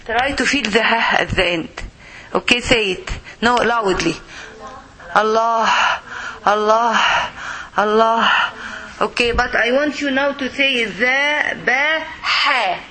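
A woman teaching Arabic letters in a mosque, patiently repeating each sound and modeling pronunciation slowly for her students. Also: fairly high pitch, pushed and bright, low-quality recording. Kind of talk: classroom lesson.

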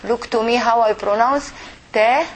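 A woman with as her leads a pronunciation lesson and drills each syllable patiently. Her voice sits high and she speaks slowly. A faint noise runs under the recording. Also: a bit bright, low-quality recording. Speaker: Arabic teacher. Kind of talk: language lesson for women.

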